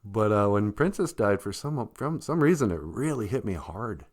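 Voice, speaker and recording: A man's voice: on the low side, animated, moderate pace, a little mellow. A male show host in rambling personal talk, emotional and trailing off with frequent laughs.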